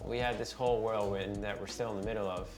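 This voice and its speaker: A man interviews his guests in a relaxed, conversational way, summing up their points and asking the next question. His pitch is middle. Music plays behind him. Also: quick pace. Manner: conversational, summarizing and prompting. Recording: music bed under the talk. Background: background music.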